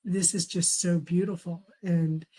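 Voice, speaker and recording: A middle-aged woman speaks as an interview guest, a memoir author recounting her family's reactions. Her voice is dark and mellow. She tells stories warmly, laughing as she quotes relatives. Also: on the low side, steady tone, a little slow, slightly rough, rough recording. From raised in a traditional Chinese family. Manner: warm storytelling, quotes family members, laughs often. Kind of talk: conversational interview.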